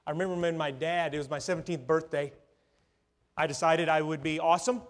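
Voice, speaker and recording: Middle-aged preacher, high voice, dramatic loud-and-soft sermon delivery. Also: male voice, steady tone. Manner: storytelling, swings from loud to hushed, dramatic pauses.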